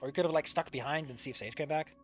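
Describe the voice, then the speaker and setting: A man reading fanfiction aloud and breaking off into comedic asides, swearing freely and quick to laugh at the text. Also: fairly high pitch, soft background music. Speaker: fanfiction reader and commentator.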